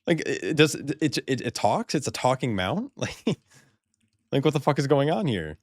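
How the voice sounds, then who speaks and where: A man's voice: mid-range voice, very animated, normal speed, dry recording, clean studio sound. A man streaming a video game in casual chat, swearing, laughing often and stammering when surprised.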